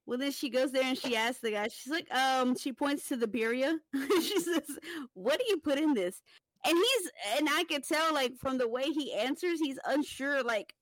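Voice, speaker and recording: A woman with a fairly high voice tells casual stories on a podcast, animated and profane, laughing often. Her voice sits close and dry on the mic. She talks like she is chatting with friends. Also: no room sound. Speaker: podcast host. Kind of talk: casual storytelling chat.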